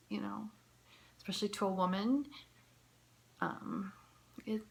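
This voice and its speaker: A woman in her fifties talks straight to the camera, telling her own story in a heartfelt, earnest way. Her pitch sits in an ordinary middle range. Now and then she drops to a near whisper. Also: unhurried, long pauses, a bit bright. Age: 50s. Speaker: vlogger.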